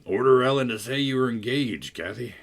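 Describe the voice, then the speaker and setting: A man voicing Heathcliff, a sullen and brooding teenage farm boy, with a gruff, husky voice in an audiobook. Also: lively intonation, a little fast. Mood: resentful. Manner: gruff, sullen, low-spoken. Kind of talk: audiobook character voice.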